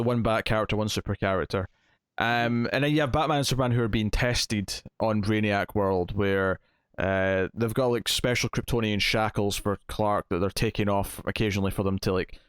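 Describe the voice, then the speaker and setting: A man's voice: lowish voice, a little fast, clean tone, no room sound, clean studio sound. A man co-hosting a comics review podcast, chatting casually and thinking aloud with fillers. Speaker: podcast co-host.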